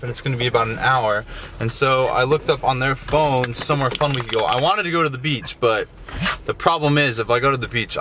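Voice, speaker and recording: A man's voice: medium pitch, bright, forceful tone, slight background noise. A young man chatting casually to the camera and to his dog as he vlogs, talking to her in a playful voice. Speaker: vlogger. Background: background music.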